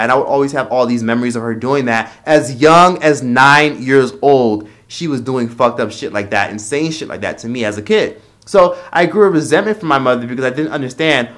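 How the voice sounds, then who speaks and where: A man's voice: mid-range voice, fast talker, a bit bright. A man telling a personal story on his vlog in a blunt, profane, venting manner. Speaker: vlogger. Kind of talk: casual personal rant.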